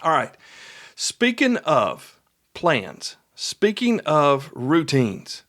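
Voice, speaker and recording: Folksy man, slightly high voice. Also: huge pitch swings, drawn-out words, fairly bright tone. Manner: folksy, repeats points, acts out little dialogues. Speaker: podcast host and instructor. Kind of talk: conversational instructional podcast.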